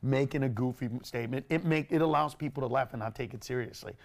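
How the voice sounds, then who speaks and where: A man who is a stand-up comedian, chatting as a guest on a TV talk show, animated and laughing often. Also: mid-range voice, quick pace, gravelly. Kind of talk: casual TV chat. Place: TV studio.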